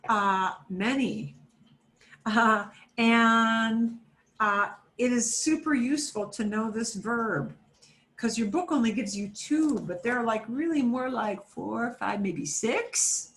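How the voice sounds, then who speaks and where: A woman's voice: fairly high pitch, slow, a bit bright. A woman teaching a beginner Spanish class over a video call, chatty and repetitive, with fillers and self-corrections, switching between English and Spanish. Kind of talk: online class instruction.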